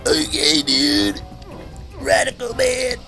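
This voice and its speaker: Man voicing a surfer-dude game developer, drawling, very high, slow. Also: flat delivery, gravelly, pushed and bright, a faint crowd, exaggerated voice. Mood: mellow agreeing. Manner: drawling slacker. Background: game music.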